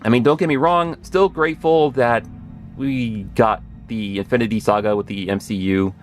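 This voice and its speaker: A man in his thirties gushing through a casual episode recap, rambling and correcting himself as he gets excited. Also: mid-range voice, normal speed, faint music behind. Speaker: pop culture video host.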